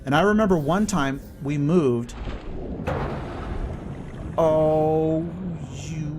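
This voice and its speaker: A man from California chatting excitably and swearing casually while he streams a video game. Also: fairly high pitch, extremely slow, background noise. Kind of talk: live gameplay stream chat.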